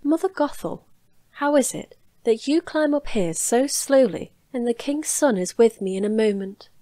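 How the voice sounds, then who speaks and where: A woman voicing a young, sheltered maiden in a storybook reading, lifting her voice a little higher and speaking gently. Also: lively intonation, normal speed, dry recording, natural voice. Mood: innocent.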